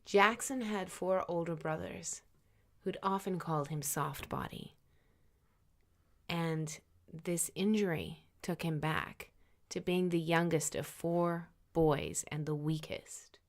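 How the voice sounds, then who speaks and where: A woman's voice: sits low, steady tone, slow. A woman telling an improvised comic story in playful narration, with acted quotes.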